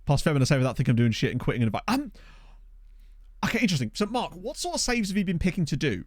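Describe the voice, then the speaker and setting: A man's voice: fairly high pitch, sing-song, rapid-fire, no room sound, studio quality. A man chatting casually with his live-stream viewers and answering their messages in a playful, talkative way. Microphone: desk condenser mic.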